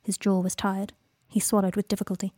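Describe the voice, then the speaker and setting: A woman narrating a fan fiction story in an expressive reading voice. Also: medium pitch, a little fast, dry recording, clean studio sound. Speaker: reader.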